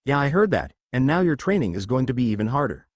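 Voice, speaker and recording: A man voicing a calm, caring adult ninja teacher in a fan fiction reading, gently teasing his student. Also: mid-range voice, fast, dry recording.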